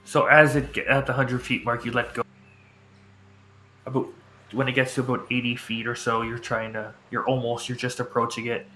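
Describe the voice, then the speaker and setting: A man running a tabletop game, calmly describing scenes to the players. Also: medium pitch, a little hiss or hum, rough recording. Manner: calm descriptive narration. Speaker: game master.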